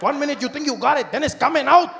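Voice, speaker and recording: A man's voice: extremely high pitch, fast, gravelly, fairly bright tone, a little hiss or hum, voice pushed up, exaggerated voice. A man voicing a pushy, chatty male taco vendor, insistent and casual, calling the customer "man" during a stand-up bit. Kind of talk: stand-up impression.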